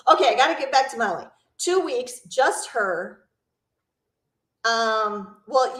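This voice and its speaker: A woman's voice: mid-range voice, a bit bright, reverberant. A woman hosting a live travel Q&A, chatting casually, rambling a bit, reading out viewers' comments and asking them questions.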